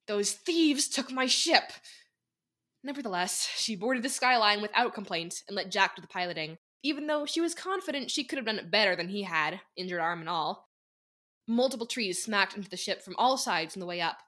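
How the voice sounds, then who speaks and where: A woman's voice: medium pitch, expressive, brisk, bright, forceful tone. A young woman narrating an audio drama and voicing several characters with emotion. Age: young adult. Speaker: narrator and voice actor. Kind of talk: fan audio drama reading.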